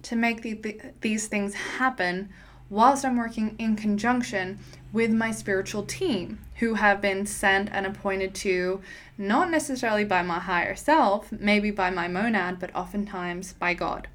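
Woman, spiritual teacher, casual monologue, earnest, encouraging, mid-pitched voice. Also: measured pace. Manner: earnest, encouraging, talks in long loose run-on sentences.

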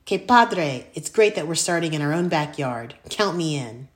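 A woman's voice: low voice, lively intonation, normal speed. A woman voicing a caring mother who coaxes her son and drops Spanish endearments. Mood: coaxing. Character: warm bilingual mother, caring, persuasive.

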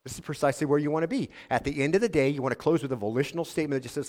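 A man preaching a sermon, earnestly asking his congregation questions and reading a letter aloud in a softer tone. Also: a little high, very fast, hardly any pauses. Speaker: pastor.

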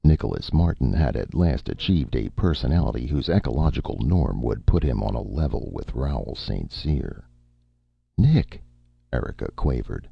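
Gravelly, very deep male narrator. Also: lively intonation, moderate pace, hardly any pauses, no echo, muffled recording. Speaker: audiobook narrator. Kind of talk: scripted narration.

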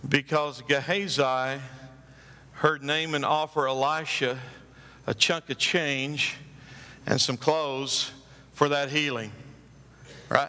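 Man, pastor, sermon, forceful bright voice, emphatic, long hall reverb. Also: mid-range voice. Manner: emphatic preaching, rising to loud climaxes; acts out story voices with drawn-out phrases.

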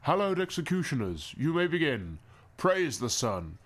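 A man's voice: medium pitch, expressive, moderate pace, heavy background noise, pitched below the performer's own voice, natural voice. A man voicing a smug, cruel male sun-cult priest who preaches in a sanctimonious, mocking sermon cadence during a tabletop game. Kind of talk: acted tabletop game narration.

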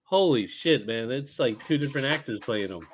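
A man's voice: medium pitch, lively intonation, normal speed, background noise. A man in a casual movie conversation, laid-back and prone to trailing off.

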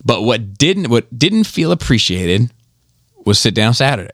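A man's voice: mid-range voice, sing-song, unhurried, fairly bright tone, no echo, studio quality. A man hosting a casual podcast chat, talking in a rambling, emphatic way and often restarting his sentences. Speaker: podcast host.

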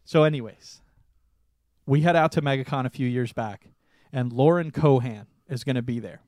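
A young man co-hosting a podcast, telling a story in casual chat, animated and laughing often. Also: mid-range voice, normal speed, no echo, studio quality. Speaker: podcast co-host.

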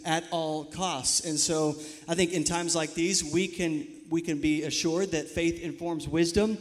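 Missions guy, earnest and measured, bit high voice. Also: steady tone. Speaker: missions executive. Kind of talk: sermon-like reflection.

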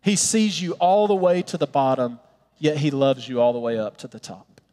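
A man preaching a sermon in an earnest, pleading way, sometimes dropping to soft, tender tones. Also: medium pitch, normal speed, big-room sound. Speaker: pastor.

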